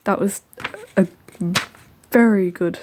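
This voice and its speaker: A teenage girl chatting casually through a tour of her sketchbook, rambling with lots of ums and quick asides. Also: medium pitch, fairly even intonation, dark tone, a little hiss or hum.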